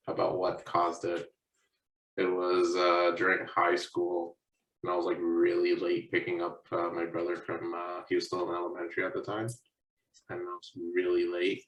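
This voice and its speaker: A man's voice: deep voice, monotone, moderate pace, fairly bright tone. A young man co-hosting a podcast, telling a story in casual chat, swearing often and mimicking his parents. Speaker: podcast co-host. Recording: echoey room, picked up from a distance.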